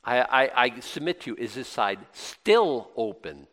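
A man preaching a conversational sermon, asking his listeners questions and breaking into excited bursts. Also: medium pitch, unhurried. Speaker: pastor. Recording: long hall reverb.

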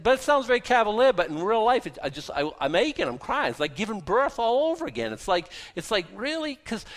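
A man preaching a sermon, zealous and animated, trying to keep his voice soft, with many restarts. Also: high-pitched. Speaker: pastor.

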